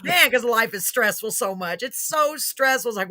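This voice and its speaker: A woman's voice: a little high, expressive, normal speed, bright, forceful tone, no echo, studio quality. A woman hosting a live music show, chatting casually, gushing and laughing often as she rambles. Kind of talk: casual live-stream chat.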